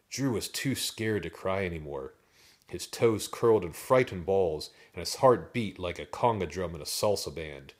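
A man reading a children's storybook aloud in an expressive, dramatic way. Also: low voice, moderate pace.

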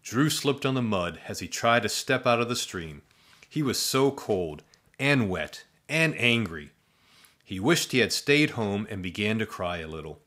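A man narrating a comic spooky story in a dry, deadpan manner with playful asides. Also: lowish voice, measured pace.

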